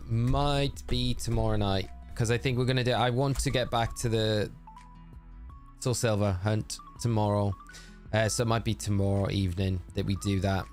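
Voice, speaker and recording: A man chatting on a live stream, reading out viewer messages and thinking aloud. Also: lowish voice. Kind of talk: casual live-stream chat.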